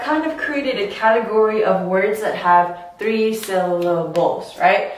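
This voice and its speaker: A woman teaching English pronunciation, saying each example word slowly and clearly. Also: medium pitch. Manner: slow, clearly articulated teaching. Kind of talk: pronunciation lesson. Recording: echoey room, distant mic.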